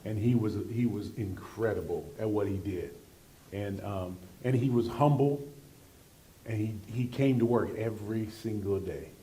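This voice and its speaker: A man's voice: on the low side, a little slow, dark tone, a little hiss or hum. A man and former basketball player looking back earnestly in a thoughtful interview answer.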